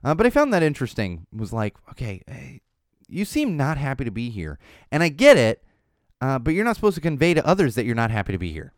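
A man in his thirties hosts a casual solo podcast, telling stories with lots of swing in his voice and dropping into muttered asides. His voice is smooth and resonant. The sound is dry and close. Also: medium pitch, fast talker, no room sound. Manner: animated storytelling, ranting, drops to muttering asides. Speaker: podcast host.

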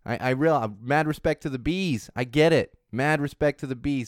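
With hardly any pauses, a man in his thirties chats about social trends at normal speed in a mid-range voice, rambling as a host and repeatedly restarting and correcting his sentences. The recording is clean studio sound without room sound.

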